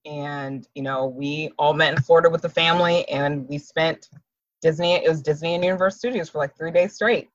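A woman's voice: low voice, a little fast, dry recording, highs cut off. A woman in her thirties chatting as a guest, telling stories with frequent laughter. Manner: laughs often, animated storytelling. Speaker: podcast guest. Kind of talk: casual chat.

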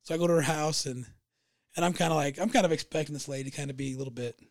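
A man co-hosting a podcast, telling a long anecdote in a relaxed, halting way with many restarts. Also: fairly high pitch, no echo, clean studio sound. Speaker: podcast co-host. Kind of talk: casual storytelling chat.

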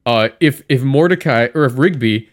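A man's voice: mid-range voice, normal speed. Casual man rambling through a cartoon story. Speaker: podcast co-host. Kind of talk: casual chat.

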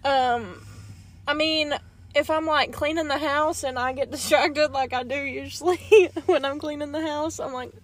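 A woman's voice: sits high, normal speed. A woman co-hosting a casual podcast chat, telling a story with lots of laughter and acted-out dialogue. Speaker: podcast co-host.

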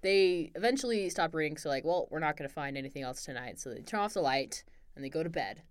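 A woman's voice: deep voice, lively intonation, quick pace, clean tone, no room sound, studio quality. A young woman co-hosting a casual book podcast, laughing often and playfully acting out characters' lines. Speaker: podcast co-host. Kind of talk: casual book-club chat.

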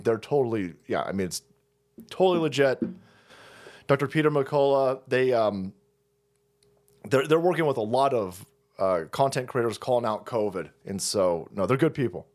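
A man's voice: medium pitch, darkish tone. A man hosting a live stream, ranting in heated, profane, mocking bursts and rambling with restarts and chuckles.

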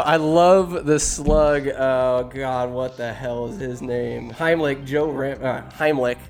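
A young man in casual, rambling commentary, ranking animated films with profane, self-deprecating jokes. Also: mid-range voice. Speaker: solo movie-ranking streamer.

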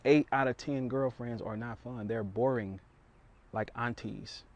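A man's voice: mid-range voice, steady tone, a little slow. A man giving a blunt, provocative opinion monologue straight to his viewers. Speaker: commentator addressing viewers.

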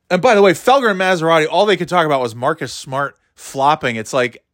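A man in a casual sports talk, swearing freely and rambling, with frequent laughs and lively jumps in pitch. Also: fast talker, hardly any pauses, dry recording, studio quality. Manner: profane, rambling, animated, laughs often.

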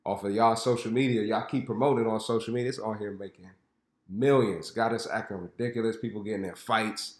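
A man's voice: fairly low pitch, roomy sound. A young man with a stuffy voice from a cold, hosting a fitness podcast in a blunt, joking way that turns preachy about health. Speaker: podcast host. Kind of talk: casual podcast talk.

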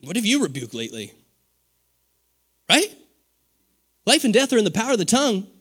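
A man in his forties preaching a sermon, animated, with call-and-response and laughter. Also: sits high, normal speed, husky. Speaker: pastor.

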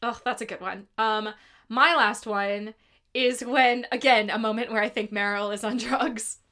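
A young woman chatting casually as a podcast co-host, giggly and animated, swearing freely. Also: a little high, a little slow. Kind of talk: casual chat.

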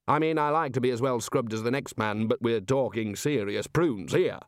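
A man's voice: medium pitch, moderate pace, dry recording, studio quality, lightly acted. A man voicing a fussy, gossipy older male wizard.

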